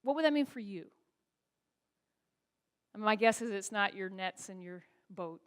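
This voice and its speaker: A woman's voice: medium pitch, expressive, moderate pace, smooth. A woman pastor preaching a sermon in a church, asking the congregation rhetorical questions. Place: church sanctuary.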